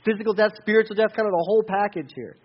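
A man preaching a sermon, conversational, with sudden rises and quiet drops. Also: high-pitched, rapid-fire, breathy edge, lo-fi sound. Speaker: pastor.

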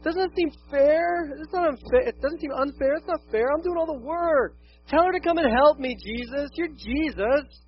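A man's voice: moderate pace, highs cut off. A man voicing Martha, a whiny overworked woman who complains about her sister. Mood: whining. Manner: shrill, pleading complaint.

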